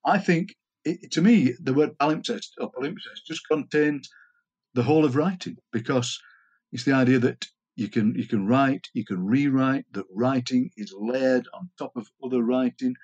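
A man's voice: mid-range voice, normal speed, slightly rough, muffled recording. A man with a Yorkshire accent, talking as a guest in a casual conversation and telling stories, playful with words. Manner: animated storyteller, playful with words.

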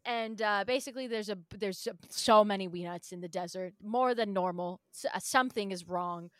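A woman co-hosting a casual podcast, retelling a game event in an animated way and laughing often. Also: medium pitch, moderate pace, dry recording, clean studio sound. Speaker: podcast co-host. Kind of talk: casual podcast chat about a video game.

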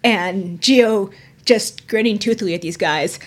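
A woman's voice: medium pitch, a little slow. A woman playing a tabletop game, chatty and amused. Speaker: player. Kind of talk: casual chat in a tabletop game.

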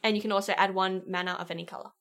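A woman co-hosting a casual worldbuilding podcast. She giggles often and adds quick asides while reading aloud. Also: medium pitch, steady tone, a bit bright. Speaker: podcast co-host.

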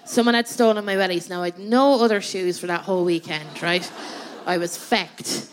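A woman's voice: on the low side, moderate pace, slight background noise. An Irish woman doing comic storytelling on stage, chatty and laughing through her own tale, checking in with "right?" as she goes. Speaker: comedian and guest co-host. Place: theatre stage before a live audience.

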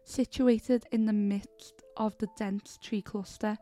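A woman hosting a podcast, narrating a horror story in a steady, measured way. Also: mid-range voice. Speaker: podcast host and story reader.

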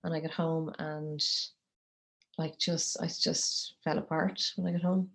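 A woman in her thirties tells a personal story as an interview guest, slowly and haltingly, with many pauses and fillers. Her voice sits low and carries a creaky, gravelly edge. She sounds close to tears. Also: flat delivery. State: tearful. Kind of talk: emotional personal account.

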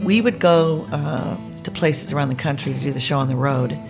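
Animated woman swapping road stories. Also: low-pitched, normal speed, creaky, loud music behind the voice. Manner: animated storyteller, mimics voices. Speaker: guest performer telling stories. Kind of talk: casual interview chat.

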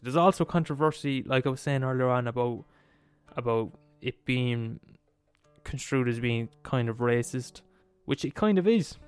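A man telling a film story in a casual, animated monologue, swearing freely and digressing. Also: medium pitch, clear, resonant tone.

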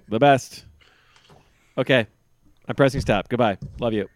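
A man's voice: medium pitch, measured pace, no echo. A man hosting a casual sports podcast, joking and teasing his co-hosts. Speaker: podcast host. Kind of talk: casual chat.

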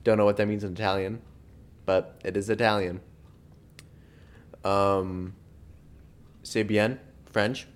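A man co-hosting a casual podcast chat, goofing around with deadpan trolling jokes. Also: lowish voice, a little slow, pauses often. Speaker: podcast co-host.

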